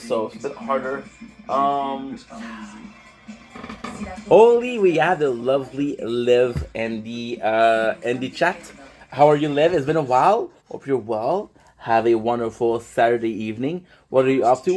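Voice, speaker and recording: A man's voice: medium pitch, lively intonation, moderate pace, darkish tone, soft background music, low-quality recording. A man chatting casually on a phone live stream, rambling loosely, swearing freely and greeting viewers by name.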